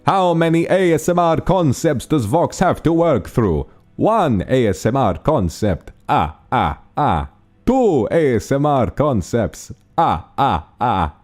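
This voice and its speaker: A man voicing a theatrical vampire count with a drawn-out, exaggerated accent and counting laughs. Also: medium pitch, very animated, a little mellow, soft background music, voice pushed up.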